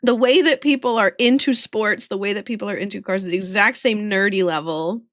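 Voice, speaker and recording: A woman's voice: medium pitch, fairly quick, fairly bright tone, no room sound, studio quality. A young woman from the American South with a slight Southern accent and a touch of New York, chatting casually and giggling with viewers while drawing on a livestream. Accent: slight Southern US with some New York vowels. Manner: giggly, laughs often, chatty. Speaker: streamer drawing art live.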